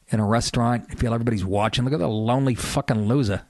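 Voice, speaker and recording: A man's voice: medium pitch, fast, darkish tone, no room sound, clean studio sound. A man with a Boston accent, a comedian hosting his podcast in a profane, rambling comic monologue. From Massachusetts.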